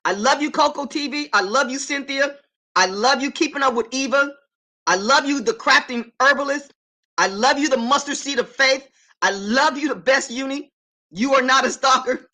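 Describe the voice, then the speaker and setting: Woman, middle-aged, high voice, emphatic, self-affirming, casual live-stream chat. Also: normal speed, sharp tone. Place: her apartment.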